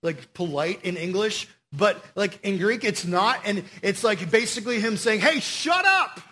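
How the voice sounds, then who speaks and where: A man preaching a casual sermon to young people, slangy and animated as he tells the story. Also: high-pitched, normal speed.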